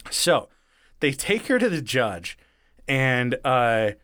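A man's voice: medium pitch, very animated, slow pace, fairly bright tone, no echo, studio quality. A man retelling a story in casual, profane chat, acting out the lines of the people in it. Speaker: podcast co-host retelling a true story.

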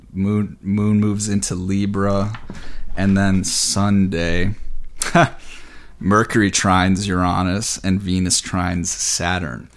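A man giving a casual, excited weekly astrology forecast, rambling with fillers and slightly out of breath. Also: low voice.

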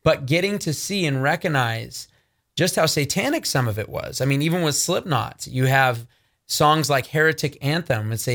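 A man's voice: fairly high pitch, expressive, moderate pace, a bit bright. A young adult man from Southern California presenting for a ministry, talking straight to viewers with earnest, emphatic warnings. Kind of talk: preaching monologue to viewers.

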